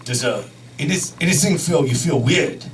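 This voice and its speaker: A man's voice: on the high side, background noise, voice pushed down, lightly acted. A man voicing a male doctor who speaks clipped, broken English with a Japanese accent. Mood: joking. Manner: clipped broken phrases, halting. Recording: distant mic, loud audience laughter.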